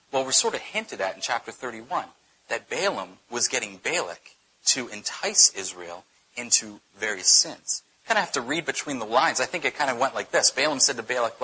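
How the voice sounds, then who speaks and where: Man, Bible study teacher, husky, bright, conversational storytelling. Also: mid-range voice, moderate pace, low-quality recording. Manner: conversational, animated storytelling with tag questions.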